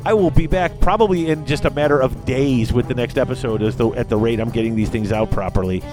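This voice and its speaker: A man's voice: mid-range voice, fast talker, music in the background. A man hosting a podcast in casual chat, rambling and correcting himself as he goes. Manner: rambling, self-correcting, animated. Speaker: podcast host.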